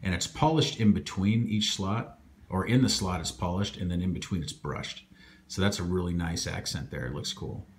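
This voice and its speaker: A man's voice: sits low, a little hiss or hum. A man casually reviewing dive watches on camera, rambling along and tagging his points with "okay?". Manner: relaxed, rambling, keeps adding "okay?" and "um".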